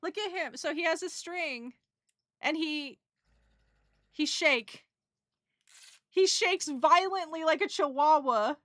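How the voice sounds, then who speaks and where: A young woman talks through her trip in a loose, rambling way, full of fillers, giggles and emotion. Her voice sits a little high and sounds bright. She takes her time, and the sound is dry and close. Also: slow pace, long pauses, no echo. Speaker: streamer recapping a trip. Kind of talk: casual chat.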